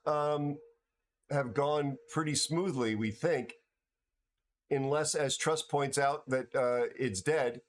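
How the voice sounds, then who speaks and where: A man's voice: medium pitch, slow, slight background noise. A tired man hosting a livestream, chatting casually with viewers and often stumbling over and repeating his words. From United States. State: tired from no sleep. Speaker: livestream host.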